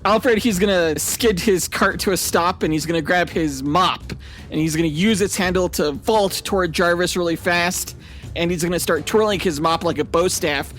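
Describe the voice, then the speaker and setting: A man's voice: sits high, moderate pace, soft background music. A man co-hosting a podcast, telling an over-the-top fight scenario playfully and laughing along. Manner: animated, laughing storyteller. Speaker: podcast co-host. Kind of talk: playful comedic debate.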